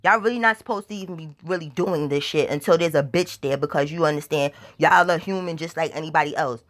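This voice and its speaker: A woman's voice: deep voice, fast talker, a bit bright. A woman telling a casual storytime, profane and emphatic, often checking that the listener understands. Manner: profane, emphatic, keeps asking "you understand?". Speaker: vlogger.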